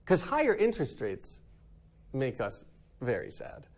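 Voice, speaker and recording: A man's voice: mid-range voice, huge pitch swings, unhurried, darkish tone. A man teaching a recorded math lesson in an upbeat way, often checking in with "right?".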